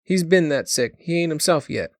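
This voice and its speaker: A man voicing an anxious working-class mother who pleads and wails in a raised, high voice. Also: animated, moderate pace, dry recording, clean studio sound. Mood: anxious pleading.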